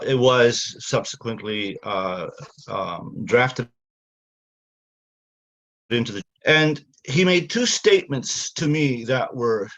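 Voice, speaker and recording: An older man from Canada, an author speaking haltingly with many fillers, then reading from his novel. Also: medium pitch, fairly bright tone, low-quality recording.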